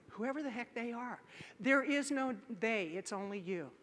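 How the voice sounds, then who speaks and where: A woman giving a motivational keynote in a large conference hall, telling a story with animated acted-out voices and shouts. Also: a little high, normal speed. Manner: animated, acts out voices and shouts in her stories. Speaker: keynote speaker. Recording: live conference hall with long reverb.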